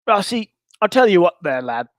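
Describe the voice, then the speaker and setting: A friendly, folksy hobbit farmer, as a man puts him on, speaking in a slightly high voice. The sound is dry and close. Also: very animated, moderate pace, no room sound. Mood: hospitable. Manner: folksy, calls him lad.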